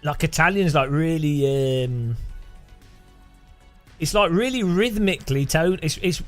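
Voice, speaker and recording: A man's voice: fairly high pitch, a little slow. A man streaming a racing game in casual, rambling chat with a faint music bed behind. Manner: rambling, chatty, laughs often, hums and imitates sounds.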